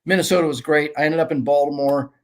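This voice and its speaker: A middle-aged man, a former ballplayer and guest, telling rambling, animated anecdotes in casual conversation. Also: on the high side, quick pace. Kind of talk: casual storytelling.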